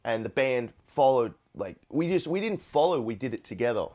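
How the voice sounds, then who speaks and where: A man's voice: medium pitch, normal speed. Laid-back man telling a guitar story. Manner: relaxed, rambling, with frequent fillers. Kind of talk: casual storytelling to camera. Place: Nashville. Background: guitar playing.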